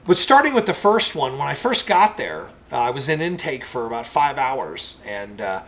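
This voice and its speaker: A man who is a preacher, telling a personal testimony story in a rambling, animated way. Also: mid-range voice, moderate pace, rough recording.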